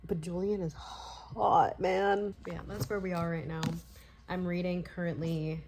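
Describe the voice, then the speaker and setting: A woman's voice: fairly low pitch, darkish tone, slight background noise. A woman vlogging casually about a book she is reading, gushing and swearing freely as she talks. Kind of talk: casual chat.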